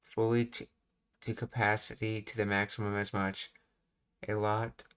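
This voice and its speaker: A man's voice: lowish voice, level tone, measured pace, fairly bright tone, clear, resonant tone. A man teaching a language on a live stream, reading out explanations, thinking aloud and asking himself questions as he works through a sentence.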